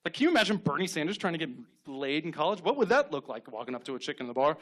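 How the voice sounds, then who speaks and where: On a club stage, a man in his thirties delivers a stand-up set, his voice pitched slightly high for a man. Holding a handheld mic, he tells deadpan stories and drops into quick acted-out quotes.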